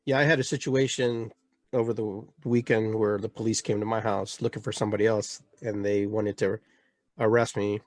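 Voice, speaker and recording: A male podcast host telling a personal story in casual chat, animated and full of restarts. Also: on the low side, brisk, dry recording.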